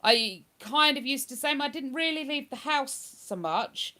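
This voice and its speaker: A woman's voice: sits high, animated, unhurried, bright, forceful tone. A woman chatting on a live stream, reading viewer comments aloud and answering them. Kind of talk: casual live-stream chat.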